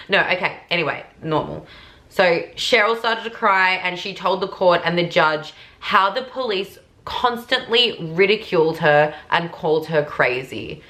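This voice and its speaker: Bright, chatty young woman vlogger. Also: lowish voice, lively intonation, moderate pace. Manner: chatty and rambling, with fillers and asides to viewers. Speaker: true crime YouTuber. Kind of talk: casual vlog commentary.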